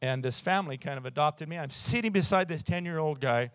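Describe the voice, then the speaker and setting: A man's voice: fairly high pitch, brisk, a bit bright, smooth, no echo, studio quality. A man around sixty, preaching a sermon in church and telling stories with emphasis, often chuckling at his own jokes. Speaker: pastor.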